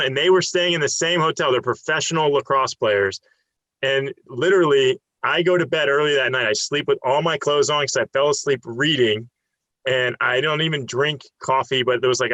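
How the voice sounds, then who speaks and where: A man in his thirties hosts a relaxed podcast conversation. His voice is bright and forward, recorded dry and close with no room sound, and he spins a long anecdote full of fillers and quoted dialogue. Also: mid-range voice, no room sound, low-quality recording. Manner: storytelling, animated, many fillers. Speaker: podcast host. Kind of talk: casual chat.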